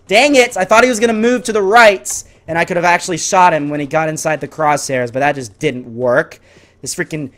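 A gaming YouTuber giving live gameplay commentary, excitable and swinging between frustrated outbursts and low muttering. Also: male voice, brisk.

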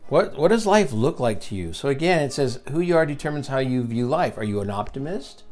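A man's voice: mid-range voice, very animated, brisk, a little mellow, faint music behind. A man hosting a virtual leadership seminar, reading from a book and adding his own comments. He stresses and repeats key lines and puts questions to the listener. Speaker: seminar host and teacher.

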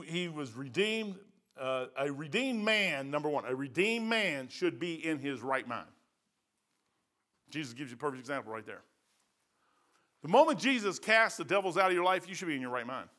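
An older pastor with a Midwestern American accent preaches a sermon. His voice sits high, and he talks in a folksy, emphatic way, repeating phrases to drive a point home. The tone is bright and forceful. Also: animated, normal speed, long pauses.

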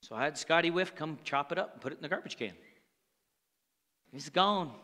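A man with a high, bright, ringing voice preaching a sermon. He talks to the congregation conversationally and throws in call-and-response asides. The sound carries a long hall reverb from the church sanctuary. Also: animated, a little fast. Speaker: pastor.

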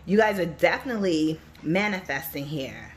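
A woman who is a psychic reader and life coach chats animatedly with her viewers, addressing them directly and telling stories as she gives a reading. Her low voice moves at a normal speed, with slight background noise.

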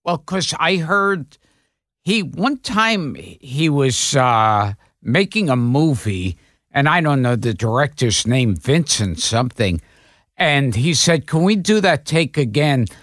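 A man's voice: mid-range voice, expressive, fairly bright tone, dry recording, clean studio sound. A man hosting a casual podcast, telling showbiz anecdotes. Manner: tells anecdotes, lurching from slow to sudden bursts. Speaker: host.

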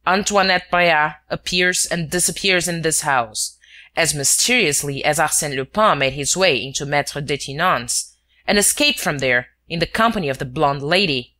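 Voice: medium pitch, normal speed, bright, forceful tone, close to an everyday voice. A narrator voicing a stubborn veteran police inspector who speaks in a dogged, sententious way. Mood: insistent.

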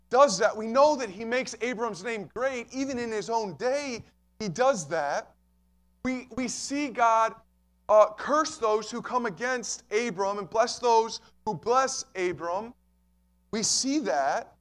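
A man's voice: very high voice, slow. A man pastor preaching a sermon, emphatic and repeating key phrases, addressing listeners as friends.

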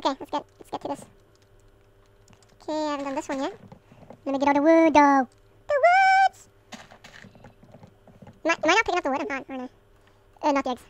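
A man's casual gameplay commentary sped up into a chipmunk voice, chattering with excited outbursts. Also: extremely high pitch, a little fast, long pauses, voice pushed up.

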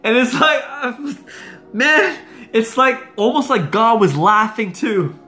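A man preaching a sermon, telling a personal testimony in an animated way and laughing often. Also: high voice, a little slow, faint music behind.

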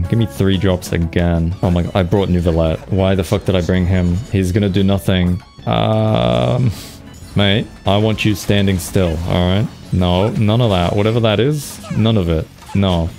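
A man's voice: low voice, dark tone. A young man giving casual, swear-laden gameplay commentary with playful sound effects. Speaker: gaming streamer.

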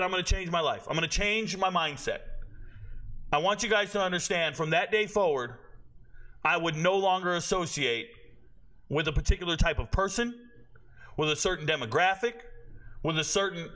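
A man's voice: high voice, pushed and bright. A man hosting his channel, telling a story in a blunt, boastful way and acting out what people said. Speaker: channel host. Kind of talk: storytelling monologue.

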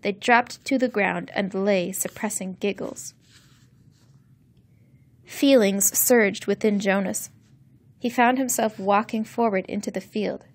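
A woman narrating a novel chapter slowly and clearly for English learners. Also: medium pitch. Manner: slow, clear, carefully enunciated reading. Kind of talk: scripted audiobook narration.

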